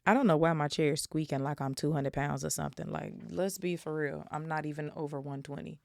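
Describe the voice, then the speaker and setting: A woman's voice: sits low, fairly even intonation, brisk, gravelly, darkish tone, no room sound. A young woman from Chicago reading a novel aloud and chatting bluntly, with swearing, as a podcast host. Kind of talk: casual book-club reading and chat. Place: home, seated in a squeaky chair. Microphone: studio microphone.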